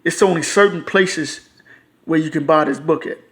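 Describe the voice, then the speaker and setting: A man's voice: fairly high pitch, normal speed, a bit bright. A man, ranting casually and profanely to his own video channel, frustrated and repetitive. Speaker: YouTuber.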